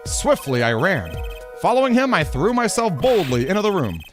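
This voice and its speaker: A man voicing a jittery, loud male police bailiff who stammers and keeps saying sir. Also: sits high, very animated, moderate pace, over music. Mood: nervous blustering.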